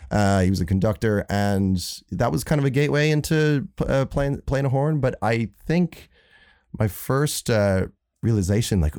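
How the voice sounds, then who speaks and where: A man's voice: mid-range voice, animated, normal speed, darkish tone, no room sound, clean studio sound. A man in his thirties, born in the US, telling stories in casual chat, rambling and self-mocking, with frequent restarts and swearing. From United States.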